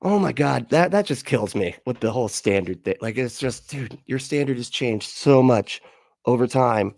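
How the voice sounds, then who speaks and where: A man's voice: medium pitch, animated, moderate pace, gravelly, darkish tone, dry recording. A man ranting and laughing through live reaction commentary, profane and exasperated, on a close mic. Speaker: commentary streamer.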